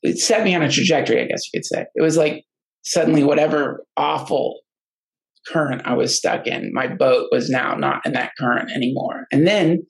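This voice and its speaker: Gravelly man telling a rambling story. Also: on the high side, moderate pace, rough recording. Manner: rambling, full of restarts and fillers; emotional, earnest. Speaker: podcast guest. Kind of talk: casual personal storytelling.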